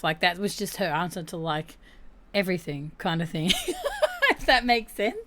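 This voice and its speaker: A woman's voice: mid-range voice, animated, moderate pace, sharp tone. A young woman hosting a casual livestream chat, candid and chatty, laughing often. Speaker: livestream host.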